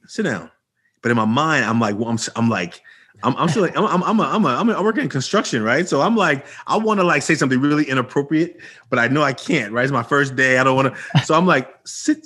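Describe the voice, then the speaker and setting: A man from Oakland, California, with a husky, slightly rough voice at a middle pitch, telling a story as a podcast guest. He talks casually and acts out the people in his story with sudden high jumps in pitch. He keeps restarting his sentences and fills them with "you know" and "right". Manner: animated, acts out quoted dialogue with jumps in pitch.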